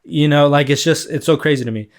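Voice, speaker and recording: A man's voice: fairly high pitch, fast talker. A man hosting a solo podcast in a loose, rambling chat, full of fillers and swearing. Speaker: podcast host.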